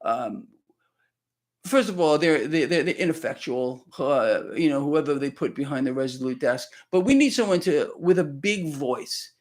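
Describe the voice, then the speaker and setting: A man's voice: on the high side, lively intonation, moderate pace. A man hosting live financial commentary, ranting bluntly at his viewers and calling them "people," with lots of repeated words and restarts. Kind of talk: live solo market commentary.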